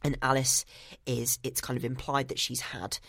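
A man's voice: medium pitch, little pitch movement, moderate pace, creaky, fairly bright tone, no room sound, clean studio sound. A man co-hosting a podcast in casual chat, walking through a film's plot scene by scene and quoting the characters. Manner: retells film scenes step by step, quoting characters. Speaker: podcast co-host. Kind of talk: casual film recap chat.

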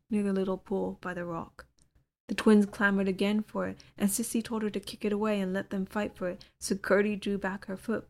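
A woman reading a literary novel aloud as an audiobook narrator, in a measured, even storytelling delivery. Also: mid-range voice. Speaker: audiobook reader.

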